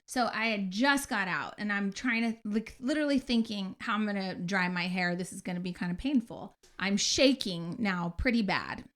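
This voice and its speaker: Bright animated woman telling a story. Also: medium pitch, normal speed, few pauses. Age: 40s. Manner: animated, acts out her own story with loud outbursts and swearing. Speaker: podcast co-host. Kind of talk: casual storytelling chat.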